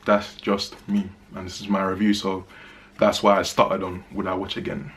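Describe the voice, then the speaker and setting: A man's voice: sits low, monotone, normal speed, a little hiss or hum. A man giving a casual spoken movie review, chatty and emphatic, repeating phrases for stress.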